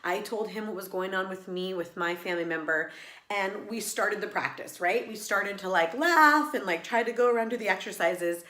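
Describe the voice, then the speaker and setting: Vlogging woman, laughter yoga teacher, earnest and reflective, mid pitch, echoey room. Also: normal speed, bright, forceful tone. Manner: earnest, reflective, with many fillers and restarts. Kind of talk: personal vlog monologue.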